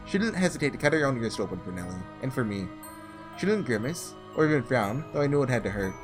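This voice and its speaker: Guy reading a guilty nervous narrator, pitch jumps around a lot, faint music. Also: big pitch swings, lightly acted. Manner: halting, guilt-stricken first-person narration. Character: guilt-ridden young man, anxious narrator. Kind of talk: reading a visual novel aloud.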